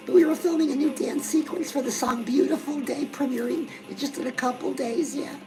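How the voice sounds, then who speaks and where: A woman's voice: sits high, low-quality recording. A middle-aged woman hosting a comedic fitness and lifestyle show, gushing and chatty, forever calling the viewer girl. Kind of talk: comedic character monologue.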